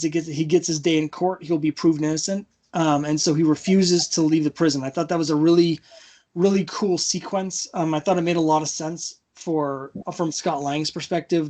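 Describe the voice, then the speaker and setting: A man's voice: fairly high pitch, a little mellow. A man hosting a casual comic book discussion, retelling scenes with quoted lines and frequent ums. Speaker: podcast host.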